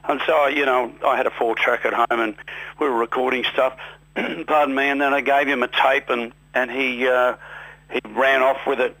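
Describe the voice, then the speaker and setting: Bright, husky Australian man telling stories. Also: mid-range voice, normal speed, no room sound, rough recording. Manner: rambling, self-deprecating, animated when quoting others. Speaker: guest musician. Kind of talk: relaxed storytelling in a radio interview.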